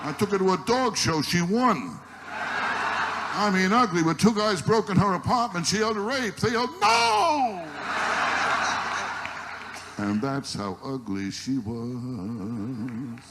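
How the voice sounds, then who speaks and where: Stand-up comedian, male, a touch high, exasperated rapid-fire one-liners, noisy old live tape. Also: expressive. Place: live stage before an audience. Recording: noisy archival live recording.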